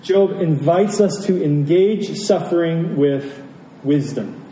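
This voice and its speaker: Man, pastor, sermon, very dark mellow tone, somewhat high voice, emphatic, repeats phrases. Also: expressive, slow, a little hiss or hum. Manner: emphatic, rhetorical questions, repeats key phrases. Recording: roomy, distant from the mic, faint ambience.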